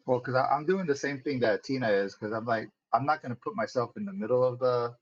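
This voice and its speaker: A man's voice: mid-range voice, fast talker. A man playing a tabletop role-playing game, talking hesitantly and repeating himself. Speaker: player. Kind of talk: casual chat at a game table. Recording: dull lo-fi mic.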